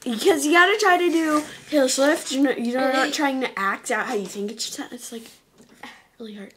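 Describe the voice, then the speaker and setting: Giggly high-voiced young woman vlogger. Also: a little fast, fairly bright tone, slight background noise. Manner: giggly, self-deprecating. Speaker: vlog co-host. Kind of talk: playful celebrity impressions chat.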